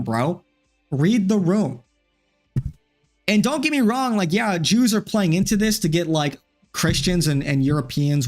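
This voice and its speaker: Heated, swearing male streamer. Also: a little high. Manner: heated, frustrated, profane. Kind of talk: livestream commentary rant.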